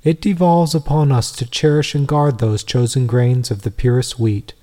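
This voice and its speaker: A man reading a devotional text aloud in a measured, earnest way, full of rhetorical questions. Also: medium pitch, fairly even intonation, warm tone. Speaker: reader.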